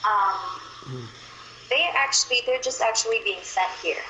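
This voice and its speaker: A young woman from Manila with a Filipino accent talks casually and chattily, stringing thoughts together with plenty of fillers. Her voice is bright and clear. She sounds like she is in a roomy, echoing space with a faint hiss behind her. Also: mid-range voice, sing-song, measured pace. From Philippines, Manila. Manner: chatty, loose, with frequent fillers. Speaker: conversation partner. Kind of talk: casual chat. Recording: roomy echo.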